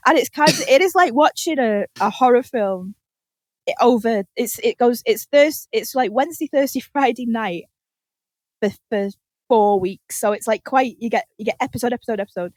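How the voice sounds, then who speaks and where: A woman with a fairly high voice, chatting on a podcast. She rambles through animated stories and acts out the lines people said. The sound is close and dry. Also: moderate pace, no room sound. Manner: animated rambling storyteller, acting out quotes. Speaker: podcast co-host. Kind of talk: casual chat. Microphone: podcast microphone.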